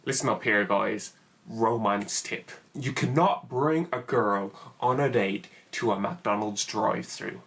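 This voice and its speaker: A young man telling a funny personal story in an animated, exaggerated comic way. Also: fairly low pitch, unhurried. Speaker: YouTuber. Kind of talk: comedic story time.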